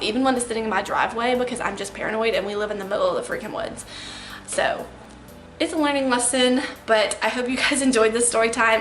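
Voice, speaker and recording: A young woman vlogger with a fairly high voice tells a personal story in a chatty, rambling way, leaning on "like" constantly. She sounds roomy and echoey, with a faint hiss of ambience behind her. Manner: chatty, filler-heavy retelling with lots of "like". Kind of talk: storytime vlog.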